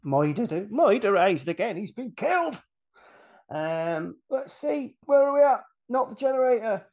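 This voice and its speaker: A man on a casual podcast, retelling a film's plot with lively energy, acting out the characters' lines and laughing often. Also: high voice, unhurried. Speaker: podcast guest retelling a film.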